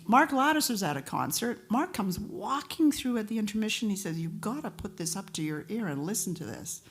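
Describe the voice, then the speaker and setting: A woman's voice: mid-range voice, a little fast. A woman, a singer, telling a story between songs at a live event and acting out the voices of the people in it. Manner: lively anecdotal, acts out quoted voices.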